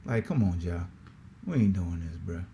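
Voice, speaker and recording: A man hosting a sports podcast in a casual, slangy, animated way, often repeating himself. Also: low-pitched, moderate pace, a little hiss or hum. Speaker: podcast host.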